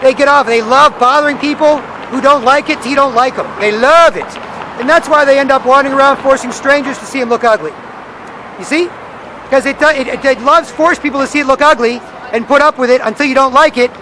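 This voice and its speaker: On a downtown street corner, a man vlogs in a brisk, very high voice, ranting and repeating himself in a rambling monologue. He acts out other people's voices, and faint traffic can be heard outdoors.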